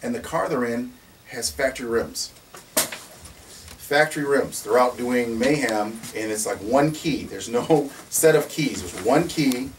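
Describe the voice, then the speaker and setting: A man who runs a community security firm, telling a story in an animated way, laughing often and acting out what others said. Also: mid-range voice, a little slow, roomy sound. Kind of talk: storytelling in a recorded conversation. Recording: distant mic with faint background noise.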